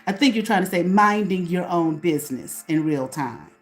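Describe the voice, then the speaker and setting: A woman's voice: lowish voice, lively intonation, normal speed, faint music behind. Profane woman ranting to camera. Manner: profane, confrontational, asks herself questions. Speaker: channel host.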